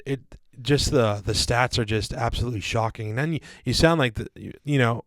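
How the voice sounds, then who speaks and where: A podcast co-host rambles through a casual discussion, full of fillers and restarts, calling listeners "guys" and "dude." His medium-pitched voice moves fairly quickly with hardly any pauses. The recording is dry.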